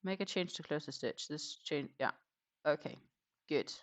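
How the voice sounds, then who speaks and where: A crochet livestream host chatting casually while working, rambling with lots of hesitations and quietly counting stitches. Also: mid-range voice, normal speed. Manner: rambling and hesitant, many fillers, counts stitches under breath.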